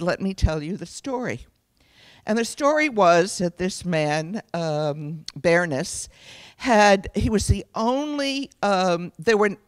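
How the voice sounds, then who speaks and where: A middle-aged woman from the United States, a guest speaker giving an earnest, reflective personal testimony at a lecture, pausing to correct herself as she goes. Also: lowish voice, dry recording.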